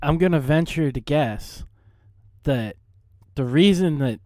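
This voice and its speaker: A man giving wry, deadpan commentary asides over gameplay. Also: a little high, slow pace, no echo, studio quality.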